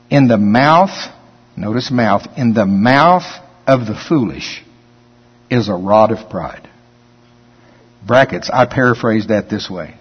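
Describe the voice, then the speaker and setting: A man pastor preaching a sermon in a church, reading scripture slowly and then commenting on it in a folksy, conversational way. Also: fairly low pitch, slightly rough. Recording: long hall reverb, dull lo-fi sound.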